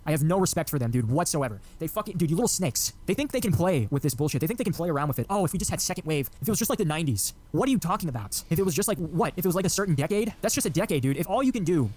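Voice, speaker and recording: A man's voice: on the high side, very animated, rapid-fire, few pauses, a little mellow. A man delivering an angry, profane political rant, mocking the people he quotes. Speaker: online commentator.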